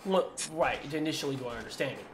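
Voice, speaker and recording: A man chatting casually while streaming a game, excitable and profane, loudly teasing his friends. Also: medium pitch, fast talker, slight background noise. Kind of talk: casual gaming chat. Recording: echoey room with game music.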